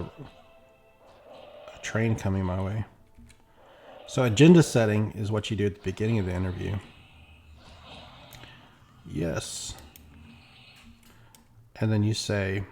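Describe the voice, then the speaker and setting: Man gamer, deeper register, rambling running commentary with quoted asides, faint music bed. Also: mellow. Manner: chatty, rambling, acts out quotes. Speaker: gameplay streamer. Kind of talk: casual commentary while playing.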